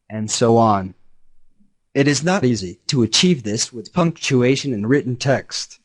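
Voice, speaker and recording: A text-to-speech man's voice giving a scripted narration in an even, measured explanatory manner. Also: mid-range voice.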